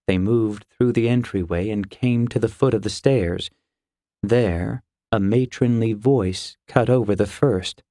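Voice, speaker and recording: A man narrating a fantasy audiobook in a measured, even storytelling voice, recorded close in a quiet booth. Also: fairly low pitch, no room sound.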